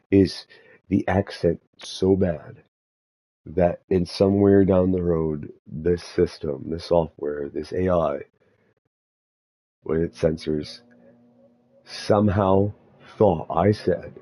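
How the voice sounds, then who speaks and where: Deep husky man, rambling lo-fi monologue. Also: steady tone, mellow. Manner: meandering, halting, many restarts.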